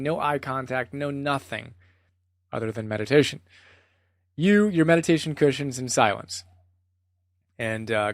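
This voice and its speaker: A man's voice: medium pitch, no echo, studio quality. A man presenting a spoken book summary in an earnest, conversational way, often reading out quotes.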